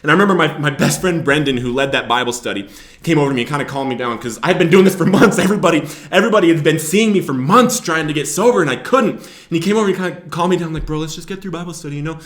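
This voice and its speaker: Rapid-fire and expressive, with a fairly high pitch and roomy sound, a young show host from the Billings, Montana area tells the camera about his addiction and recovery. He is deeply emotional, at times shouting loudly.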